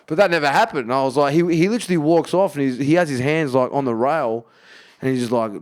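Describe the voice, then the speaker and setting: A man's voice: mid-range voice, fast. A man, a comedian guest, telling a story in casual podcast chat, swearing a lot and acting out what people said. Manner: animated storyteller, heavy swearing, acts out quotes.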